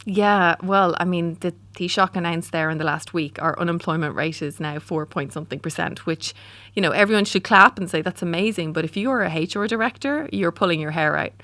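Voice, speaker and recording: An Irish woman in her forties, a company founder, answers interview questions in a brisk, candid way. Her voice sits somewhat low for a woman, and she often restarts her sentences and fills gaps with ums. The recording is dry and close, with no room echo. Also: fairly bright tone. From Ireland. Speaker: startup founder and CEO.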